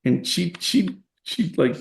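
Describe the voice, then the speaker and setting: A man's voice: high voice, lively intonation, takes it slowly, gravelly, echoey room. A man in his forties, a guest in a conversational interview, telling stories emphatically and acting out the voices of people he quotes. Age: 40s.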